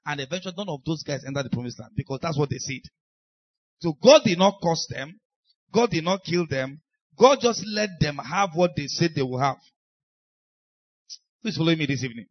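A man's voice: on the high side, expressive, moderate pace, pauses often, no room sound, lo-fi sound. A man with a Nigerian accent preaching a sermon as pastor, emphatic and acting out the voices of people he quotes. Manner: emphatic, acts out quoted speakers.

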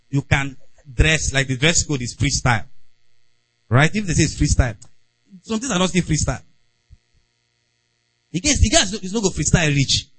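A man's voice: on the high side, a bit bright, dry recording, rough recording. A man preaching a conversational sermon and acting out little everyday scenes. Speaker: pastor.

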